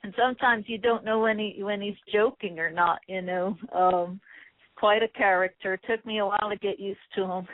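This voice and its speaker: A woman's voice: medium pitch, steady tone, normal speed, no room sound. Irish woman on a tinny phone line. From Ireland. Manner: soft-spoken, hesitant with many fillers. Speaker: guest, former boxer. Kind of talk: phone interview.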